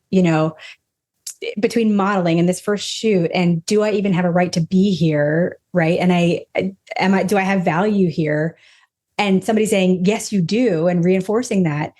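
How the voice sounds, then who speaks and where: A woman's voice: on the low side, a little mellow. A woman hosting an interview podcast, responding to her guest in an affirming, reflective way. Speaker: podcast host. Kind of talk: conversational interview.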